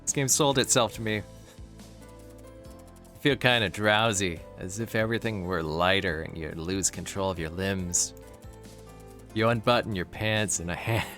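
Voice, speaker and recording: A man's voice: fairly low pitch, fairly bright tone. A man playing a horror game on his channel, reading the text aloud and reacting with jokes and laughter. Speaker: let's play host.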